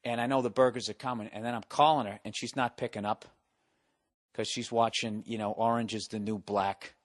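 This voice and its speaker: A man's voice: on the low side, flat delivery, fairly quick, no echo. Profane ranting man, close and dry. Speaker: podcast host. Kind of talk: solo ranting monologue. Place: at home.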